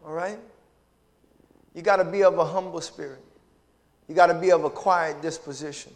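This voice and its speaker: In a church sanctuary, a pastor with a slightly high voice preaches at a moderate pace with fairly even intonation. He peppers his points with hallelujahs and amens and calls out to the congregation in call-and-response style, his voice filling a large hall.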